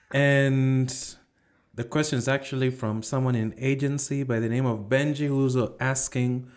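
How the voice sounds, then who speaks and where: A man's voice: mid-range voice, unhurried. Guy hosting a podcast, laid back, lots of "you know". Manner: relaxed, fillers like "you know". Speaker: podcast host. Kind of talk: casual interview.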